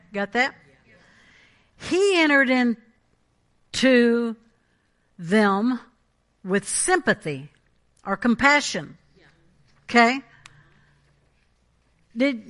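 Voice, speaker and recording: A woman's voice: on the high side, fairly bright tone. A woman preaching a Pentecostal sermon, emphatic and conversational, often checking in with the congregation.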